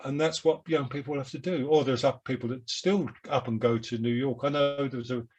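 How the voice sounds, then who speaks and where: A man in his seventies with a London Cockney accent, a guest telling rambling, self-deprecating stories in a relaxed interview over a video call. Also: mid-range voice, fairly quick, breathy edge. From London, England. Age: 70s. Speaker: guest musician. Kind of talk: reflective interview chat.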